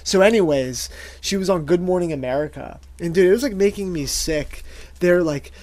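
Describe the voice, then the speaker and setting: A man's voice: high voice, normal speed, darkish tone. A man hosting a podcast in casual chat, telling stories in a loose, laughing, profane way. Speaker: podcast host.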